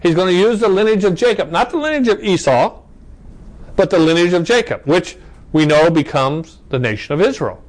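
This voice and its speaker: A man with a high, expressive voice leads Bible study at a moderate pace, captured on poor audio. He reads verses aloud with restarts, asks rhetorical questions, and keeps checking in with "okay?".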